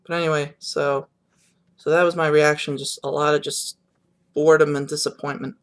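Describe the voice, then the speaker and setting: A young man records a sports vlog reacting to the games, his casual monologue rambling, subdued and disappointed, peppered with fillers and restarts. He speaks at normal speed with a slightly high voice and flat delivery.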